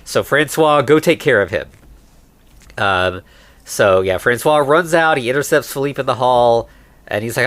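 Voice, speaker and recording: A man co-hosting a podcast, casually recapping a movie and putting on quick voices for its characters. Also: mid-range voice, animated, fairly bright tone, dry recording. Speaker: podcast co-host.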